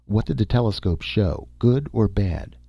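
A man's voice: fairly low pitch, expressive, unhurried, vocal fry, slightly rough, no room sound, muffled recording, pitched above the performer's own voice, full character voice. A man voicing a young woman crew member, earnest and anxious, speaking up eagerly.

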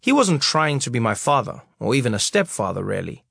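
A man's voice: medium pitch, very animated, fairly quick, creaky, a bit bright, husky, no room sound. A man reading his memoir aloud, wry and storytelling, on a close studio mic. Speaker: narrator.

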